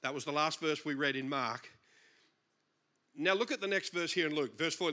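A man's voice: on the high side, moderate pace. A man with an Australian accent preaching a sermon, reading scripture aloud and joking with the congregation. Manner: animated, joking, chuckles often. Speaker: pastor.

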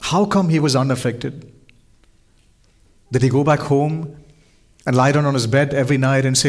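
A man's voice: a little high, a little fast, pauses often. A man pastor preaching a sermon in an earnest way, often asking his listeners rhetorical questions.

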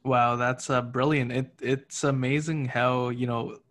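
A man's voice: medium pitch, flat delivery, measured pace, fairly bright tone. A man hosting a casual interview, reacting approvingly and summing up his guest's point. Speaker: host.

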